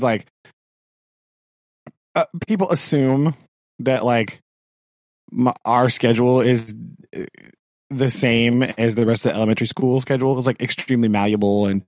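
A man's voice: medium pitch, normal speed, pauses often, a little mellow, no room sound. Guy venting about his day, keeps laughing, acts out what people said, dry close sound. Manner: exasperated ranting, laughs often, acts out quoted exchanges. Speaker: sixth grade teacher, podcast co-host. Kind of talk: casual chat.

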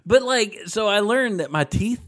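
A man's voice: high-pitched, animated, moderate pace, a bit bright. A man telling a long story in casual podcast chat, rambling and laughing as he goes. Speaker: podcast host.

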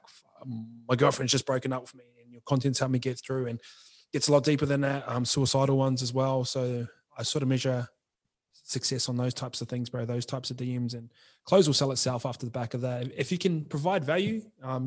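On a casual podcast interview, a young man discusses running his clothing brand in a brisk, medium-pitched, steady voice. His talk is loose, slangy and frank, unpolished and crammed with fillers like "bro" and "like."

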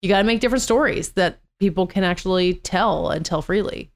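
A woman with a somewhat low voice talks through film ideas on a podcast. Her delivery is fluent and explanatory. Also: a little fast. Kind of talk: casual chat.

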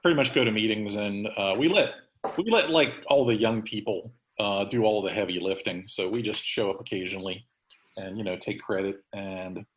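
A man's voice: on the low side, normal speed, reverberant, slight background noise, rough recording. A man hosting a podcast in casual chat, rambling with many fillers and restarts. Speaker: podcast host.

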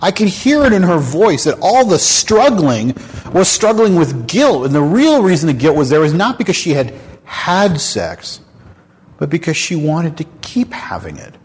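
A man with a slightly husky voice hosts a candid faith talk and tells stories frankly, with lively punch. His voice rings with a long hall reverb. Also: fairly high pitch, normal speed. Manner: frank, animated storyteller. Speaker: host.

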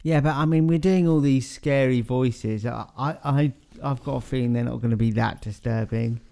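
A man's voice: medium pitch, normal speed, gravelly, mellow. A man co-hosting a casual podcast, laid-back and hesitant, often chuckling. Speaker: podcast co-host. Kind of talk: casual chat.

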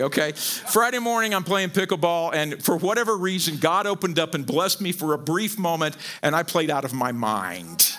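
Lively, bright-voiced preaching man. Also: sits high. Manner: animated, joking, repeats words. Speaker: pastor. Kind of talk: sermon.

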